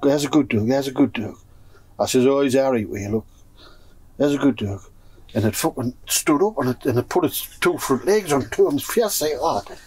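A man with a Geordie accent telling a rude, animated story to friends in a pigeon loft, swearing freely and acting out what everyone said. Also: mid-range voice, normal speed, breathy edge. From North East England. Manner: profane, animated, acts out dialogue. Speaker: pigeon fancier. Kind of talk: casual storytelling among friends. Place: pigeon loft shed, indoors.

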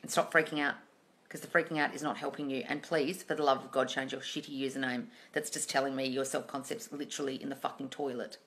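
A woman's voice: rumbling low, fairly even intonation, fast talker, a bit bright, a little hiss or hum. A woman coaching on a live stream, answering viewer questions in a blunt, scolding way with plenty of swearing and sarcastic asides. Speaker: manifesting coach.

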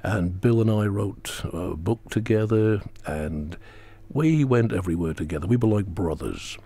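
A man telling a personal story as a talk show guest, earnest and slowing down for emphasis. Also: fairly low pitch, animated, warm tone, breathy edge. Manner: earnest, dramatic pauses, acts out quotes; slows for emphasis.

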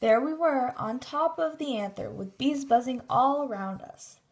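A woman narrating a children's storybook in a steady, expressive reading. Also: high-pitched, measured pace.

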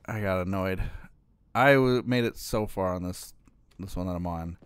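A man's voice: sits low, normal speed, clear, resonant tone, dry recording. A man hosting a gaming channel, giving casual gameplay commentary, muttering and sighing at his own failures.

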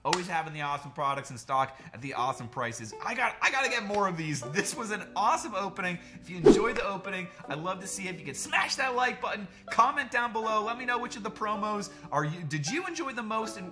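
This card-opening host talks fast at medium pitch, barely pausing as he names cards in a casual, fan-like way. Rare pulls set off loud outbursts of excitement, all over background music.

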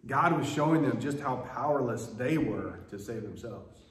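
A man's voice: mid-range voice, animated, moderate pace, a little hiss or hum. A man preaching a sermon as pastor, telling stories with animation and acting out quoted voices. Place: church sanctuary. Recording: echoey church room, faint ambience.

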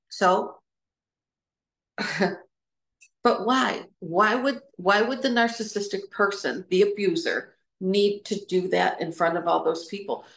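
A middle-aged woman giving an informal, reflective talk about personal experience, pausing and restarting as she searches for words. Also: mid-range voice, vocal fry, fairly bright tone, roomy sound. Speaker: trauma recovery speaker.

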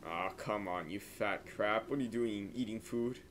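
A man's voice: lowish voice, normal speed, fairly bright tone, slight background noise. A man giving casual reaction commentary on horror shorts, jumpy and slangy, yelping and swearing when startled.

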